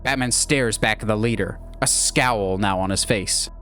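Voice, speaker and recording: A man narrating a movie pitch in an enthusiastic, animated way. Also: normal speed, soft background music. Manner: animated, lively.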